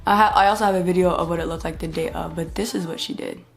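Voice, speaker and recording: A woman's voice: lowish voice, fast talker, creaky, soft background music. A young woman vlogging a casual story time, retelling events expressively and acting out what others said. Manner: expressive storytelling that acts out other people's lines.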